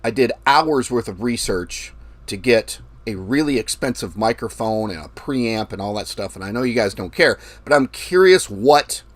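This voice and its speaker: A man's voice: lowish voice, expressive, moderate pace, no room sound. A man hosting a forex trading livestream, talking loosely and projecting his voice with the mic right at his mouth. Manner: loose, rambling, curses casually, projects voice close to mic. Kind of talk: casual live-stream talk. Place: traveling, recording himself. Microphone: mic held very close to mouth.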